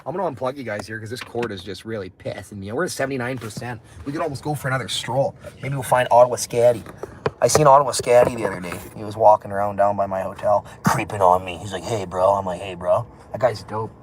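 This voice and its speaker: A man's voice: fairly low pitch, fast. A man livestreams from a phone out on the street, rambling from one thought to the next. He laughs often and swears casually. Faint street noise sits under his voice. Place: outdoors on city streets.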